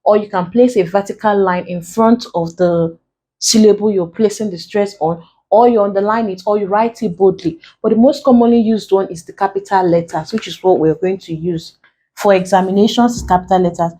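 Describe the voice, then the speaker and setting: A woman with a Nigerian accent teaches an exam prep lesson on English pronunciation. She explains patiently, counts out syllables and repeats key terms so they stick. Her voice sits at a middle pitch for a woman. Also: a little fast, warm tone. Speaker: English tutor.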